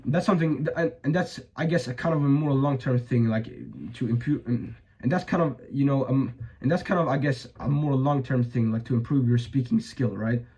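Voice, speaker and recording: A man's voice: mid-range voice, brisk, hardly any pauses, mellow, low-quality recording. A young man giving blunt, profane advice in a casual monologue, full of fillers and restarts, his voice a bit strained. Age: young adult. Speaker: vlogger.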